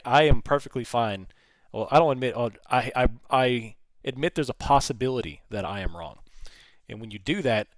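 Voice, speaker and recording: A man's voice: mid-range voice, no room sound. A man hosting a live trading stream, commenting on the chart and answering viewers' questions. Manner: talks to the chart, urging it on. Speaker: livestream trading host. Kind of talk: live commentary and chat replies.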